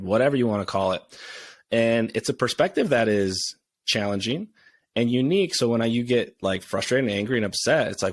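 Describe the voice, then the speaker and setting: A man's voice: fairly low pitch, normal speed, dry recording. A man hosting a podcast, speaking in a reflective, thoughtful way and readily agreeing with his guest. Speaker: podcast host. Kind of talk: casual podcast conversation.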